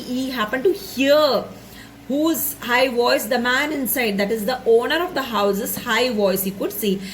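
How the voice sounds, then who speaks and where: A woman's voice: fairly high pitch, slight background noise, low-quality recording. A woman teacher explaining a story to students, repeating and rephrasing each point and checking in with "right?" and "isn't it?".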